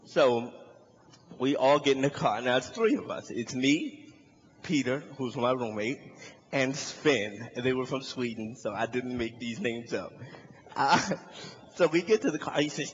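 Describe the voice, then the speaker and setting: A man's voice: a little slow, long reverb tail, dull audio, a little hiss or hum. A young man performing stand-up, telling a story and acting out the voices of the people in it. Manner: animated, acts out voices in high shouts. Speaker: comedian. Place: large hall with live audience.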